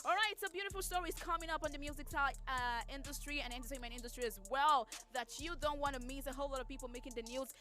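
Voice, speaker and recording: Woman, radio host, chatty entertainment gossip, higher voice, faint music bed. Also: fast, hardly any pauses, pushed and bright. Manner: chatty, reacts openly to the news. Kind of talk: casual entertainment news chat. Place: radio studio.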